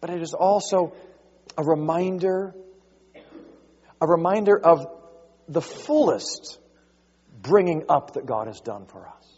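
A man preaching a sermon, rising to loud, drawn-out emphasis as he quotes scripture. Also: a little high, expressive, husky, long reverb tail, dull audio. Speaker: pastor.

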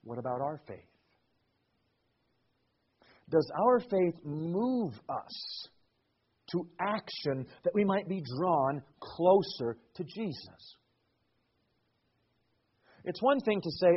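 A man's voice: sits high, big pitch swings, measured pace, pauses often, husky, highs cut off. A man preaching a sermon. His cadence rises and falls, and he repeats words as he builds a point. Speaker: pastor.

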